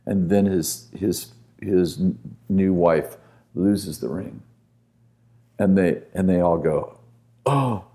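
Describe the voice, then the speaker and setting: Deep-voiced man telling an earnest story. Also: fairly even intonation, slow pace, mellow. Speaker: guest minister. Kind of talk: storytelling in a podcast interview.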